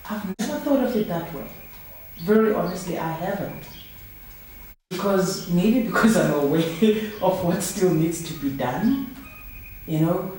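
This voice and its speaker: A woman's voice: lowish voice, animated, measured pace, long pauses, dark tone, a little hiss or hum. A woman and project founder being interviewed, speaking with passion and firing off emphatic rhetorical questions. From South Africa. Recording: roomy sound from a distant mic.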